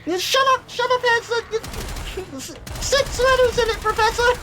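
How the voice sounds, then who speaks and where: A woman's voice: extremely high pitch, moderate pace, noisy background, voice pushed up. A woman voicing an obnoxious, know-it-all boy sidekick who talks in a piping, pedantic way. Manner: piping, pedantic, rattles off facts.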